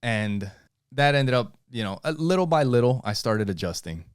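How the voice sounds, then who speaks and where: A young man with a New York accent, telling a profane, animated story in casual podcast chat and acting out the quotes. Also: medium pitch, normal speed, smooth, dry recording, studio quality. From New York (Queens). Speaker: podcast host.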